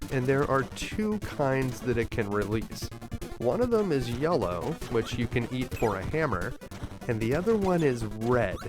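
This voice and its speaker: A man host narrating a scripted video game walkthrough in an upbeat, lightly joking way, over clear game music. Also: medium pitch.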